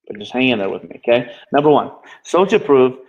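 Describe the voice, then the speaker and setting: A man teaching a live online marketing class, talking quickly and checking in with his students every few phrases. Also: medium pitch, sing-song, darkish tone, lo-fi sound. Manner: fast-talking, constantly checking in with "okay?". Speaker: marketing bootcamp instructor.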